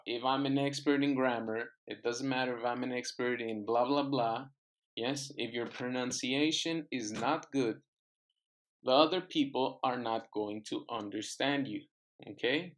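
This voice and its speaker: A man's voice: mid-range voice, unhurried, a bit bright. A man teaching an English class, patiently repeating words and phrases for his students to echo. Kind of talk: online classroom lesson.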